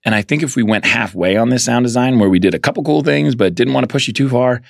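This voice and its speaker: A man interviewed as a filmmaker, telling anecdotes with animated energy and acting out the voices of the people in them. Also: medium pitch, fast talker, creaky, no echo, clean studio sound. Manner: animated storyteller, acts out quoted voices. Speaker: guest filmmaker. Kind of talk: casual interview storytelling.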